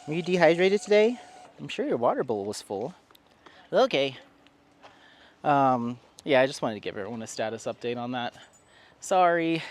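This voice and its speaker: A man's voice: medium pitch, sing-song, normal speed, pauses often. A man chatting casually in a rambling way while walking outdoors in town, with frequent fillers and laughs. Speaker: vlogger.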